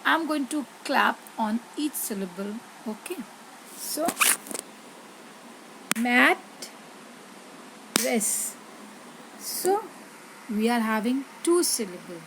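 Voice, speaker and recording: Slow, deliberate woman teacher. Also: fairly high pitch, expressive, background noise. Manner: slow, deliberate, repeats words and asks pupils questions. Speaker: English teacher. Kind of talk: slow explanatory grammar lesson.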